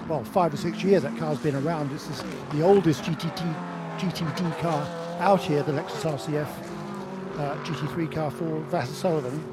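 A man commentating on a race, giving reflective, chatty analysis of drivers and teams. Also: a little high. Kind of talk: broadcast commentary. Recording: race car noise behind.

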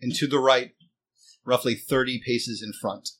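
A man running a tabletop game as game master, setting scenes slowly and deliberately. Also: mid-range voice, steady tone, a bit bright, husky.

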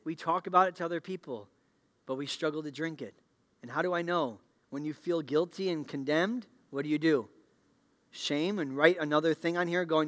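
A middle-aged male pastor preaching a sermon in a church, asking the congregation questions and moving between loud declarations and hushed appeals. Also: on the high side. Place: church sanctuary.

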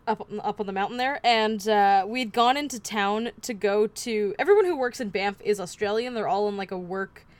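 A woman's voice: medium pitch, normal speed, hardly any pauses, dry recording. A woman podcast host telling a true-crime story in casual chat, wry with offhand asides.

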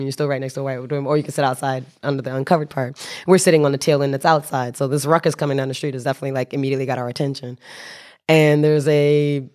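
A woman telling a story as a podcast guest, animated, laughing and restarting her sentences. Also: low voice. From United States. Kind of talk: casual storytelling.

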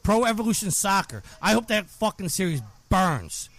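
Furious high-pitched swearing man. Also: sing-song, moderate pace, creaky, a bit bright. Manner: furious, heavy swearing, emphatic. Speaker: podcast co-host. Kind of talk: angry profane rant.

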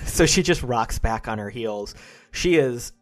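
A man narrating scenes as game master of a tabletop role-playing game, in measured scene-setting narration. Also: medium pitch, lively intonation, soft background music.

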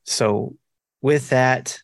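A man's voice: medium pitch, drawn-out words, creaky, dry recording, studio quality. A man hosting a casual podcast, upbeat and jokey, talking over a call with his co-hosts. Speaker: podcast host.

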